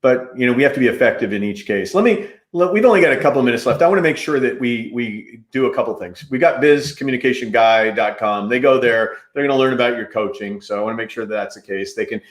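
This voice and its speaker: Casting: energetic male interview host, mid-range voice, loose chatty delivery, roomy echo. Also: mid-range voice, fast talker, few pauses. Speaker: podcast host. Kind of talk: casual interview chat.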